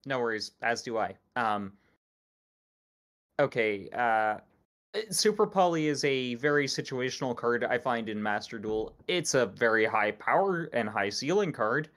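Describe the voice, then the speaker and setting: A man hosting a casual podcast chat, explaining things in a measured way. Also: medium pitch, animated, a bit bright. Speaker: podcast host.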